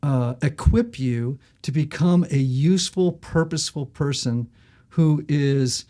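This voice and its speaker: A middle-aged man, an author appearing as a guest, tells stories animatedly in conversation. His voice is fairly high-pitched and a little slow, and he lively acts out the voices in his anecdotes.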